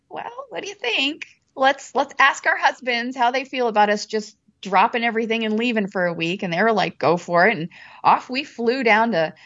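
A woman telling a story as an interview guest, animated and acting out what people said. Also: mid-range voice, muffled recording. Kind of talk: casual storytelling.

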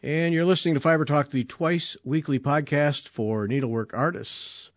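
A man with a fairly high voice hosts a needlework podcast, chatting enthusiastically and trading jokes with his guest at a normal speed. The casual interview is recorded with studio quality and no echo.

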